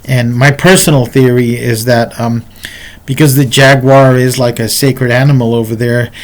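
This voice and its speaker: A man's voice: medium pitch, steady tone, moderate pace. A man telling a personal story in a casual, rambling way, speaking to the viewer in asides, as a martial arts instructor.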